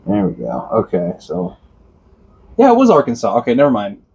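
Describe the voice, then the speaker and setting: A man's voice: fairly low pitch, wildly swooping pitch, moderate pace, darkish tone, husky, highs cut off. Laid-back young man swapping road-trip stories. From Illinois. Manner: rambling storyteller, swears freely, laughs at own stories. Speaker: podcast co-host. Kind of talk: casual podcast chat.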